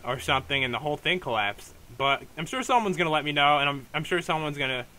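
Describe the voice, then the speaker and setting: A man's voice: a little high, animated, fast talker, sharp tone. A young man hosting a game let's play, talking casually with lots of fillers and restarts. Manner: rambling, hesitant, many fillers and restarts. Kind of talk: casual gameplay commentary.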